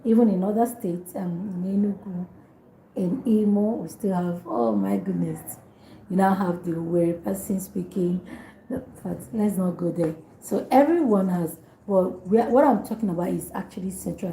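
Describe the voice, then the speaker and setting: A woman tutors beginners in a relaxed, chatty way, saying each phrase over and over with small asides. Her voice is mellow and soft-edged. The room gives it a clear echo. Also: mid-range voice. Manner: repeats phrases slowly for learners, chatty asides. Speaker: language tutor. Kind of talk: casual spoken language lesson.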